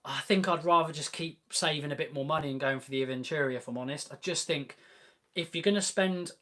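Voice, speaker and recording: A man's voice: on the high side, fairly quick, a bit bright. A young man hosting a live car Q&A, chatting casually and enthusiastically, with plenty of ums and restarts. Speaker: host of a car channel live Q&A. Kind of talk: casual live-stream Q&A chat.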